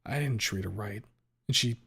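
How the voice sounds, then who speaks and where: A man reading aloud, voicing a remorseful young woman high schooler who breaks into anguished, swearing outbursts, in a dramatic fan fiction reading. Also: normal speed, vocal fry, husky, full character voice. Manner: anguished, shouting and swearing in bursts.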